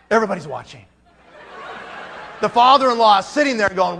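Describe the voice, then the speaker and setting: A man telling a comic story as a conference speaker, animated and acting out scenes with sound effects, in a large hall. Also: sits high, fast, gravelly, pauses often, a little hiss or hum.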